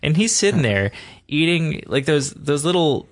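A man's voice: on the high side, very animated, moderate pace. Amused man chatting as podcast guest. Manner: amused, chuckling while he retells scenes. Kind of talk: casual podcast chat.

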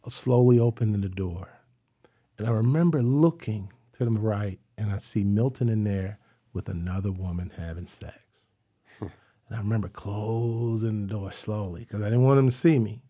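A husky middle-aged man speaks as an interview guest, his voice mellow and soft-edged. He tells his story earnestly and keeps filling gaps with "you know.". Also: lowish voice, moderate pace. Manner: acts out remembered voices.

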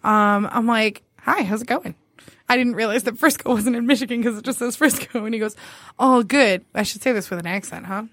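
A woman's voice: on the high side, a little fast, a bit bright, no echo. A young woman co-hosting a podcast, casually reading dating-app messages aloud and giggling often. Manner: giggly, often laughing while telling a story. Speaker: podcast co-host.

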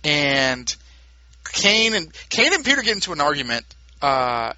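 A man casually recapping a comic book on a podcast in a quick, dismissive way. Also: fairly high pitch, big pitch swings, pushed and bright, no room sound, highs cut off. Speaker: podcast co-host.

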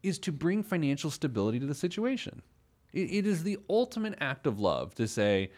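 A man's voice: on the high side, big pitch swings, fairly quick, darkish tone. A man hosting a casual radio talk show about money, playful and self-mocking, laughing often. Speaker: financial radio show host.

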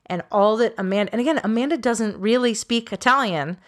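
A woman co-hosting a podcast, telling a true crime case in a chatty, animated way with quoted voices and quick self-corrections. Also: on the high side. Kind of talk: casual storytelling chat.

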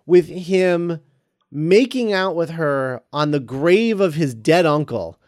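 A man's voice: fairly high pitch, animated, takes it slowly, no room sound, studio quality. A man co-hosting a casual film discussion podcast, animatedly retelling scenes with laughs.

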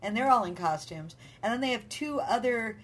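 A woman's voice: fairly high pitch, lively intonation, moderate pace, slightly rough. A woman co-hosting a podcast, chatting casually and telling stories with lots of fillers. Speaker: podcast co-host. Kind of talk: casual chat.

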